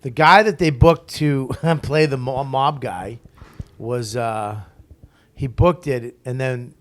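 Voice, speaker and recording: Profane, animated male storyteller. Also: mid-range voice, slow. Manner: profane, animated storyteller who acts out quotes. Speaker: stand-up comic guest. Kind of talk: casual storytelling interview.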